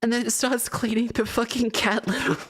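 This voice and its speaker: A woman's voice: a little high, flat delivery, moderate pace, a bit bright, slight background noise. A young woman streamer chatting casually, telling a rambling story full of laughs and swearing. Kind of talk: casual chat.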